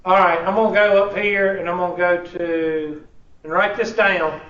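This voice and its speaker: A male college instructor with a high, slightly bright voice teaches at normal speed with fairly even intonation. His classroom manner is casual and joking, drawling out "y'all." The room mic picks him up from a distance, so the audio sounds echoey, distant, and dull.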